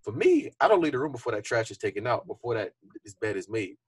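A young man speaking fast in a relaxed, earnest podcast chat, his voice a little husky. He reflects openly and keeps the talk loose with fillers. The sound is close and dry, with no room around it. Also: lowish voice, no room sound. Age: young adult. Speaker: podcast co-host. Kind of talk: casual podcast conversation.

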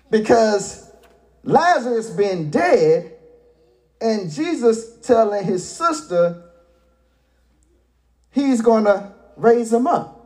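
Male pastor preaching, lively up and down voice, slow, shouts for emphasis. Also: high voice. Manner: folksy paraphrasing of scripture. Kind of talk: sermon.

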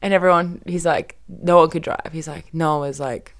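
A woman's voice: low voice, moderate pace. A young woman hosting a casual podcast chat, telling a story with lots of swearing and acted-out quotes. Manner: lively, swears often, acts out quoted speech. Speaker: podcast host.

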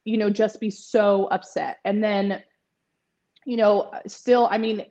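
A woman's voice: medium pitch, little pitch movement, slow, warm tone, muffled recording. A woman in her twenties, a podcast guest, talking in a chatty way with lots of fillers and frequent laughter. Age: 20s. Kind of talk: casual interview chat.

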